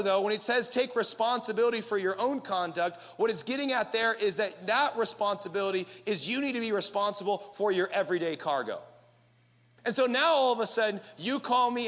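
A young man preaching a sermon to his congregation, with animated, playful asides to the crowd. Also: high-pitched. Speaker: pastor. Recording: reverberant hall.

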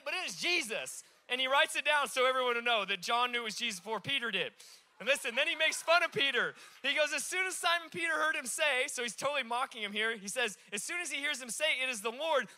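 A man preaching from a stage, with a high, very bright voice and an animated, joking delivery. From Alaska. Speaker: pastor. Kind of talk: sermon.

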